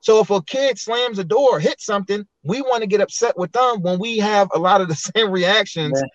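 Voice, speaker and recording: A man's voice: high-pitched, normal speed, no room sound, lo-fi sound. A man speaking as a podcast guest, earnest and reflective, with frequent restarts. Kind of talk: candid personal storytelling.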